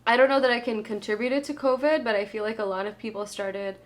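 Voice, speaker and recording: A woman's voice: a little high, fairly even intonation, fast talker. Young woman, chatty, full of "like". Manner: chatty, frequent "like", laughs easily. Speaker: podcast co-host. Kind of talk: casual music discussion.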